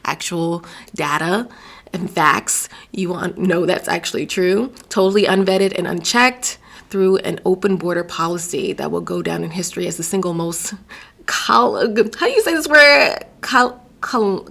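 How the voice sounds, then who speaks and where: A woman from Virginia hosts her own show, delivering an emphatic opinion monologue in a fairly low voice with vocal fry. She often trips over her words and starts sentences again.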